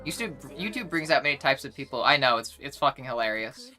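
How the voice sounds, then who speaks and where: A woman's voice: extremely low pitch, very animated, fast talker, sharp tone, soft background music. A young woman streamer chatting casually with her chat, rambling and blunt, swearing often and full of fillers and restarts.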